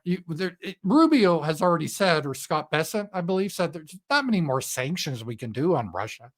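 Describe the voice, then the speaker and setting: A man holds forth on politics in a casual monologue, blunt and sarcastic with frequent profanity. His voice sits a bit high for a man. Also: animated, brisk, a bit bright. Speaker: political commentator.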